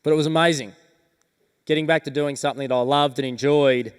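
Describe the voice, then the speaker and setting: An Australian man giving a keynote talk on stage, his voice smooth and resonant as he tells his story slowly and earnestly, with deliberate pauses. The sound rings out with a long reverb from a large event hall. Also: fairly high pitch, fairly even intonation. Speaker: motivational speaker. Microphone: stage microphone.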